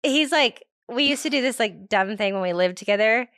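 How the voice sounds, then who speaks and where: A woman in her thirties, a guest on a podcast, chatting casually, full of "like" and softly trailing off. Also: fairly high pitch, lively intonation, brisk, no echo, studio quality. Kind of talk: casual chat.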